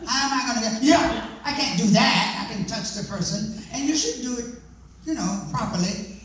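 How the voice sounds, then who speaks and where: A man giving a lively presentation to an audience, joking and questioning the listeners as he talks. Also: very high voice, a little fast. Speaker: speaker on deaf ministry. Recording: echoey hall, voice from far off.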